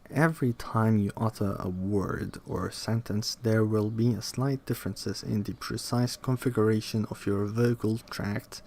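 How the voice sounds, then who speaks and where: Slow, low-key man reading a textbook. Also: darkish tone, a little hiss or hum. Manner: slow, halting reading, repeats words to test stress. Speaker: reader studying a linguistics textbook aloud. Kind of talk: casual read-aloud study session.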